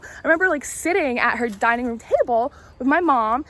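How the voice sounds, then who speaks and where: High-pitched and animated, with a fairly bright tone, she speaks briskly while walking through a casual vlog. This late-20s spiritual vlogger and tarot reader rambles through candid stories, confiding and occasionally cursing.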